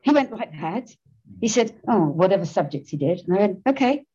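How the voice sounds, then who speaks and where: A middle-aged woman shares her recovery story in a candid, self-mocking way, laughing often. Her voice sits at an ordinary pitch. The recording is slightly muffled and lo-fi. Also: animated, brisk, warm tone, slightly rough. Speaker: speaker sharing recovery story. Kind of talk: personal testimony talk.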